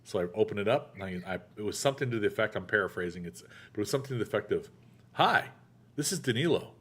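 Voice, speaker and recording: A man hosting a casual chat show, telling a story in a lively way and acting out the voices he quotes. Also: lowish voice, very fast. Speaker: podcast host.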